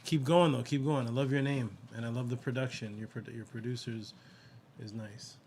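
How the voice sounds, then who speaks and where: A mid-pitched man co-hosts a live stream and rambles through his critique, repeating phrases and filling gaps with "um." Faint background noise sits under his voice. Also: steady tone, moderate pace, darkish tone. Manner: rambling, repeats himself, many fillers. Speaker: co-host reviewing songs. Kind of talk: casual live-stream chat.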